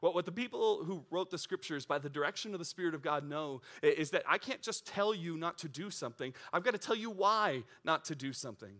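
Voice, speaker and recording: Bright-voiced animated young preacher. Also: male voice, a little high, fairly quick, few pauses. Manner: animated, builds from calm teaching to excited storytelling. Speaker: pastor. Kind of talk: sermon.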